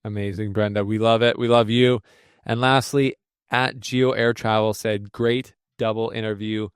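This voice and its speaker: Brief: male podcast co-host, slightly low, smooth voice, dry close mic, upbeat and chatty. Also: steady tone, moderate pace, no echo. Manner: upbeat, hype-driven, chatty with restarts. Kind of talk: casual podcast chat.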